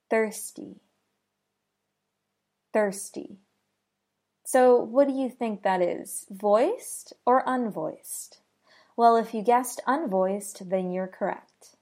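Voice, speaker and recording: A woman with an American accent teaching pronunciation, speaking very deliberately and repeating each example word three times. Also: medium pitch, warm tone. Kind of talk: slow, careful pronunciation lesson.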